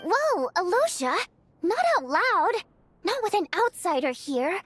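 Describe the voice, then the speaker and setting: An actress voicing a lively, chatty young female lead singer in a video game, excitable and teasing. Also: very high voice, unhurried, slight background noise, heavily acted. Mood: alarmed.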